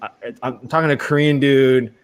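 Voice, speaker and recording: A man's voice: medium pitch, steady tone, brisk, clear, resonant tone. A man chatting casually as a show guest, telling stories with lots of fillers and restarts. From United States. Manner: rambling, storytelling with many fillers. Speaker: actor guest. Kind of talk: casual chat.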